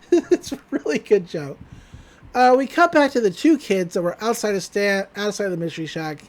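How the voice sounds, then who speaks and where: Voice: medium pitch, expressive, normal speed. Chatty podcast host recapping a cartoon. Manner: loose and chatty, with swearing and frequent laughs. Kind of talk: casual cartoon episode recap.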